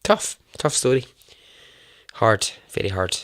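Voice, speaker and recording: A man's voice: fairly low pitch, sing-song, takes it slowly, fairly bright tone, no room sound, clean studio sound. A man hosting a podcast, signing off in a loose, chatty ramble with some swearing. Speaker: podcast host. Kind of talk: casual rambling sign-off.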